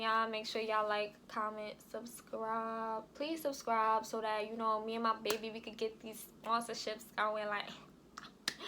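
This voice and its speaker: A woman's voice: a little high, little pitch movement, a little slow, sharp tone, slight background noise. A young woman vlogger, telling a casual story time with lots of "like" and "y'all". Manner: chatty, frequent "like" and "y'all".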